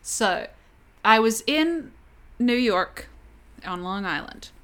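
Young aussie woman podcasting, laughs a lot mid-story, chatty and animated. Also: on the high side, takes it slowly, clean tone. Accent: Australian. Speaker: podcast co-host. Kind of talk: casual chat.

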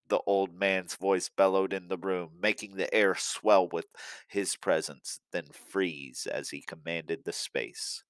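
Low-voiced man narrating his story. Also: fairly even intonation, a little slow, smooth, no room sound. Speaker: author narrating his book. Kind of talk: audiobook narration.

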